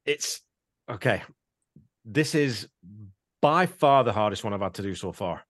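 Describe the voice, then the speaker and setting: Deep-voiced man hosting a podcast. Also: expressive, unhurried, dry recording, studio quality. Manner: easygoing, laughs often, swears in asides. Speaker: podcast host. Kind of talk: casual chat.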